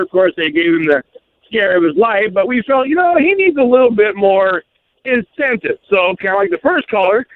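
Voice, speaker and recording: An older man calling into a radio show, telling a story in a folksy, chatty way. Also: sits high. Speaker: caller. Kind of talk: phone-in storytelling. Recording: phone line with faint hiss.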